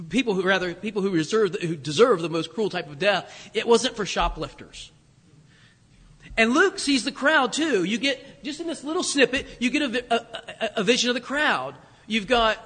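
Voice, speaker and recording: High-voiced man preaching in reverberant hall. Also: a bit bright, husky. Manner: conversational, asks congregation rhetorical questions, self-correcting. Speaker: pastor. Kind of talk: sermon. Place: church sanctuary.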